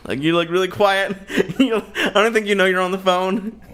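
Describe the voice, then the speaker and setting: A man's voice: sits high, steady tone, moderate pace, a bit bright. A man co-hosting a podcast in casual chat, laughing often and easily grossed out. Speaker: podcast co-host.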